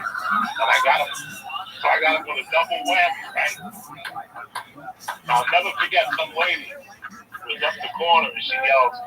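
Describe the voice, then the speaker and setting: A man's voice: high-pitched, normal speed, crowd noise. A man casually telling a profane story, acting out the dialogue as he goes. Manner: profane, animated retelling with quoted dialogue. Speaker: storyteller guest. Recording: far from mic with music behind.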